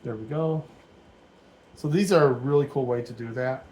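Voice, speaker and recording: A man's voice: medium pitch, normal speed, darkish tone, a little hiss or hum, low-quality recording. Easygoing man rambling through a Lego build. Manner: rambling, thinking aloud, easygoing. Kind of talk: casual build commentary. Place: dim room at home.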